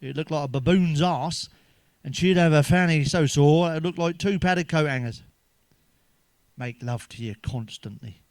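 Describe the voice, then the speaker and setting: A man's voice: on the high side, moderate pace, clear, resonant tone, dry recording. A man telling crude stand-up jokes in a chatty, swearing manner, ending with tag questions. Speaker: stand-up comedian.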